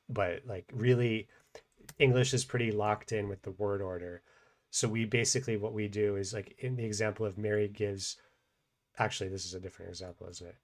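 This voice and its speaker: Male teacher, low voice, casual think-aloud grammar explainer. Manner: thinks aloud with many fillers and restarts. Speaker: language teacher.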